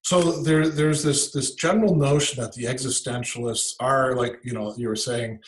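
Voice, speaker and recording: A man's voice: medium pitch, fairly even intonation, normal speed, poor audio. Man thinking aloud, explaining ideas. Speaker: guest philosopher. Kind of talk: casual conversation.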